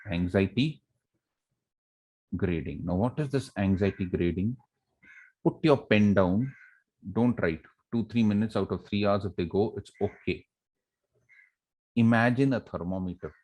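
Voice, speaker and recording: A deep-voiced, middle-aged man speaking English with an Indian accent, lecturing students on handling exam nerves. He drills his points by repeating them, stretches words out slowly for emphasis and keeps asking his audience rhetorical questions. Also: a little mellow. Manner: repeats key phrases and quizzes listeners with rhetorical questions. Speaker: college academic director giving exam advice.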